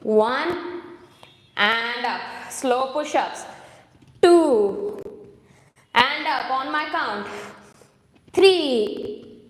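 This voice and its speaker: A fitness instructor leads a home workout class in a room with a hard floor, counting reps, coaching form, and at times running out of breath. Her high-pitched voice is animated, with drawn-out words and frequent pauses, and the echoey room gives long reverb.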